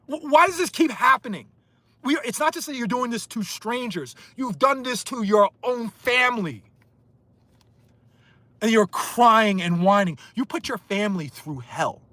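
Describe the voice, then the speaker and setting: A man ranting angrily on a livestream, hurling insults and swinging between loud outbursts and muttered asides. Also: very high-pitched, lively intonation, normal speed, dry recording. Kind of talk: heated livestream rant.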